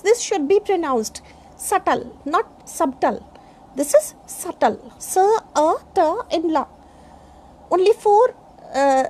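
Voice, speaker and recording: A middle-aged woman from India teaching pronunciation, spelling each word out letter by letter in a deliberate way. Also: very high voice, warm tone. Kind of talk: pronunciation lesson.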